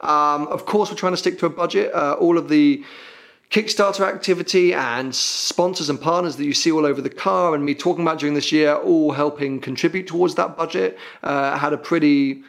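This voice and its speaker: A young British man with a British accent and a slightly higher voice that is full of fry and gravel. He hosts a podcast in a loose, self-deprecating way and wanders a bit with lots of ums and uhs. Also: brisk, a bit bright. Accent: British English. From Britain. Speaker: podcast host. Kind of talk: casual podcast chat.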